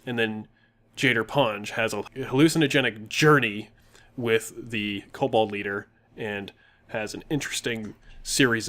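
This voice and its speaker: A man's voice: medium pitch, a bit bright. A man co-hosting a gaming channel, casually retelling a tabletop game session and laughing often.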